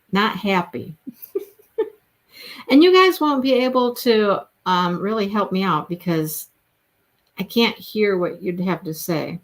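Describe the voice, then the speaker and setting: Slow-talking chatty woman crochet host. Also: medium pitch. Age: middle-aged. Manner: chatty, rambling, laughs often. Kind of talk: casual livestream chat while crocheting. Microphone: phone.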